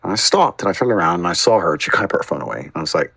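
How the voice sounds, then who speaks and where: Lively, bright-voiced blunt man talking. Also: low-pitched, very fast, vocal fry, hardly any pauses, husky, no echo. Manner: blunt, emphatic, swears. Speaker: podcast guest. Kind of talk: casual storytelling chat.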